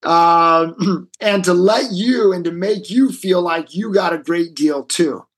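Husky-voiced man telling a negotiation story. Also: sits high, takes it slowly, rough recording. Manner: animated storyteller acting out quoted voices. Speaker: guest, negotiation expert. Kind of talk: storytelling in a conversation.

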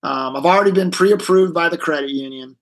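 A man, a guest in an interview, telling an animated story and acting out the other people's lines. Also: fairly high pitch, brisk, poor audio. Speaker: guest, negotiation expert. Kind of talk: storytelling in a conversation.

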